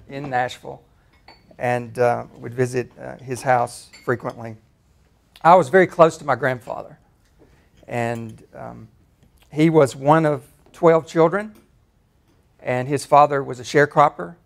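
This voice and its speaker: A man in his fifties from Tennessee with a Southern accent, giving a relaxed, self-deprecating personal talk as a faculty speaker. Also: medium pitch, gravelly. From Tennessee, USA. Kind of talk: personal talk at a campus forum.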